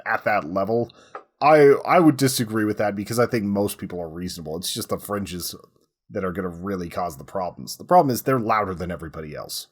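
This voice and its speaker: Husky low-voiced man explaining history. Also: fairly quick. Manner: relaxed, says "like" a lot while explaining. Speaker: podcast co-host. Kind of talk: casual history podcast chat.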